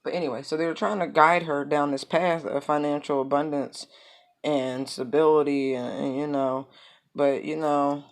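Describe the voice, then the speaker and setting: A woman with a low, deep speaking voice gives a relaxed tarot reading. She wanders off on tangents and fills her talk with loose asides. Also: moderate pace. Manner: rambling, lots of fillers and asides. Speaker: tarot reader. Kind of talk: casual spoken tarot reading.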